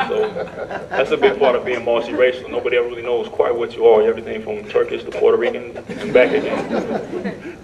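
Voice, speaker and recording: A man on a panel presenting his comic strips, relaxed, with chuckling asides. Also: mid-range voice, a little fast, vocal fry, crowd noise. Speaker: cartoonist panelist. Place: lecture room panel. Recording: distant mic, dull sound, faint hum.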